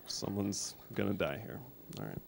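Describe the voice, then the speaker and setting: A man voicing a lazy male police officer who reads emergency texts in his car and talks in an offhand, unhurried way. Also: low-pitched, very animated, vocal fry, exaggerated voice.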